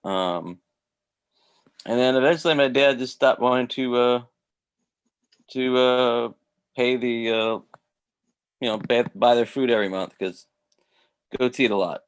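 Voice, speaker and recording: A man's voice: mid-range voice, a little slow, long pauses, clear, resonant tone. A man talking casually on a video call, rambling with lots of restarts and fillers. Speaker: host.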